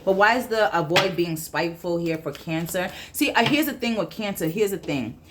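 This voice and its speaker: A woman's voice: fairly low pitch, animated, moderate pace, noisy background. A woman giving a casual tarot reading, emphatic and blunt, repeating her points and swearing freely. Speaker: tarot reader.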